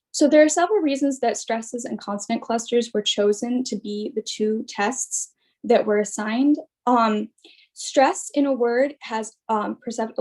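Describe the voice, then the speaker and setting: A woman's voice: on the high side, vocal fry, darkish tone. A young woman in her twenties giving a student research presentation, explaining carefully with many fillers and restarts. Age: young adult. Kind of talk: academic presentation.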